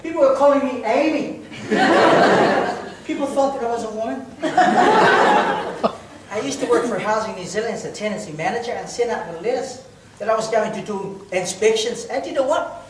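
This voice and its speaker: A high-voiced man delivers a humorous speech, telling his story with deadpan timing. He is picked up from a distance in a heavily echoing hall. Loud noise sits under the voice. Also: normal speed, long pauses. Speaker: speech contestant. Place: large hall with audience.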